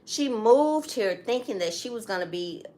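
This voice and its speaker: This middle-aged talk show co-host has a rather high, darkish voice and talks at a moderate pace in an animated way. Her casual storytelling is emphatic, punctuated by asides aimed straight at the audience.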